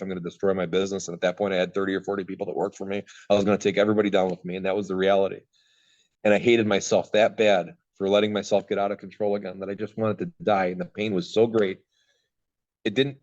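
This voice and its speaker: A man with a low voice rushes through a candid personal story as a podcast guest. He rambles and swears freely. The recording sounds dull and lo-fi. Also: a little mellow.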